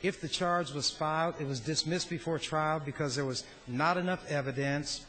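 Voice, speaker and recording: A man giving a slow, deliberate, sardonic floor speech as a state senator in a legislative chamber. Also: fairly high pitch, pushed and bright, slight background noise, low-quality recording.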